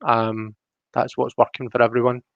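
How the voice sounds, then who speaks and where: A Scottish man of middle pitch talks through tarot cards on a live stream, friendly and explanatory, often stopping to restart a sentence. The audio is dull and lo-fi, and the dry sound has no room echo. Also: little pitch movement, normal speed, vocal fry. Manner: chatty, explanatory, full of "you know" fillers and restarts. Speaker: tarot reader on a livestream.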